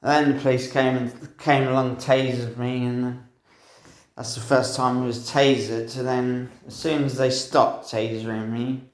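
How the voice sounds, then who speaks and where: A young man in a meandering, expletive-laden monologue who drifts from one thought to the next and chuckles at his own tale. He talks slowly, at a middling pitch. The room around him rings with noticeable echo. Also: little pitch movement. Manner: profane, meandering, laughs at himself. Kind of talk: rambling personal monologue. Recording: roomy echo.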